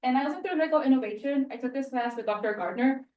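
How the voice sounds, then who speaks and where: Young woman from Mexico, student presenter, casual and self-deprecating, slightly high voice, recorded at a distance in an echoey room. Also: very fast, lo-fi sound. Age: young adult. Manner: chatty, filler-heavy and self-deprecating. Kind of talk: spoken end-of-year presentation. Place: room at a university.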